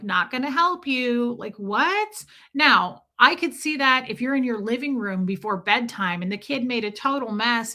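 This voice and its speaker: Woman, middle-aged, livestream host, casual chat, greets viewers by name, slightly high voice, bright tone.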